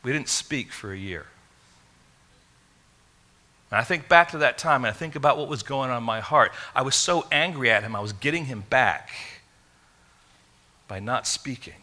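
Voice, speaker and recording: A man from England, preaching a sermon in an animated, conversational storytelling way. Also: mid-range voice, moderate pace, pauses often. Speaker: pastor.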